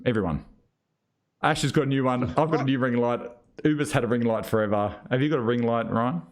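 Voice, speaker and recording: A man's voice: mid-range voice, fast. An Australian man hosting a podcast, joking around in casual banter. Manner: joking, animated. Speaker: podcast host.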